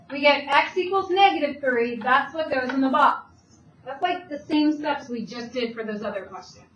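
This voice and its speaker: A woman math teacher giving a classroom lecture, walking students through the steps with brisk questions. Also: high-pitched, fairly bright tone. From Italian heritage. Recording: echoey classroom, voice from far off, faint hum.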